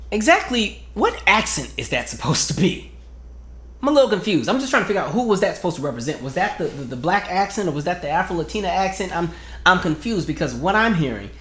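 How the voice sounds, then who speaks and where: A man's voice: a little high, fairly bright tone. A man hosting a casual commentary video, talking in a sarcastic, incredulous way. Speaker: host. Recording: roomy echo.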